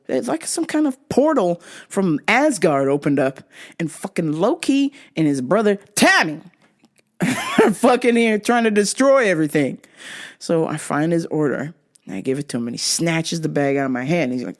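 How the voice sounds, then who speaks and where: A woman podcast host telling a story in a casual, profane, animated way. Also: deep voice, moderate pace. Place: in London.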